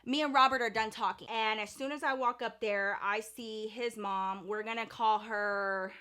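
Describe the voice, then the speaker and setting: A young adult woman telling a storytime vlog in an animated, dramatic way, with casual swearing. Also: a little high, normal speed. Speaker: vlogger.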